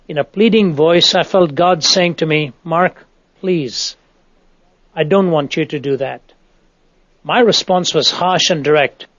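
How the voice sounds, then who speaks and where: A man narrating a nonfiction audiobook in a measured, earnest reading voice. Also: fairly high pitch, dry recording, lo-fi sound.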